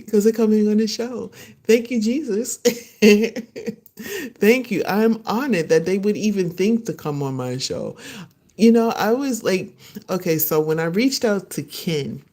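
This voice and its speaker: On a casual solo livestream of her podcast, the host talks to viewers with animated energy, often laughing and imitating what other people said. She comes across as thrilled yet a bit nervous, her voice pitched in the medium range.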